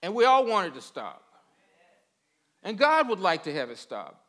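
A man's voice: high voice, huge pitch swings, measured pace, a bit bright. A man giving a conversational sermon in a folksy way. He repeats words and keeps checking in with his listeners. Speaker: preacher.

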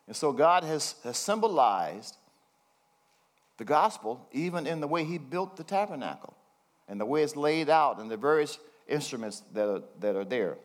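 An older man preaching a conversational sermon, reading scripture slowly between folksy, chuckling asides. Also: fairly high pitch, very animated. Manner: folksy, chuckling asides, slows down to read verses.

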